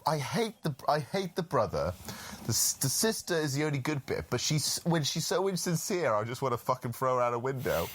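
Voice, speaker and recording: Animated, swearing podcast host, man. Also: mid-range voice, fairly quick, a little hiss or hum. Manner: animated, profane, acts out scenes in voices. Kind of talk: casual film review chat.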